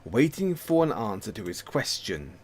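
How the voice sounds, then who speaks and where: A man streams himself reading a story game aloud, narrating expressively and throwing in self-mocking asides. His voice is husky and lowish, at a normal speed.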